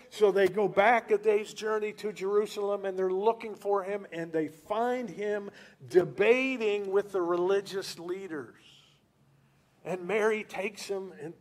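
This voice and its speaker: A male preacher giving a sermon, telling stories in an animated way and asking rhetorical questions. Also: sits high, normal speed.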